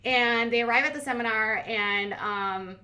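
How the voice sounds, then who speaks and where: Host, female, slightly high voice; casual sarcastic recap commentary, blunt and chatty. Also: a little slow, sharp tone. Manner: sarcastic, blunt, heavy use of "like".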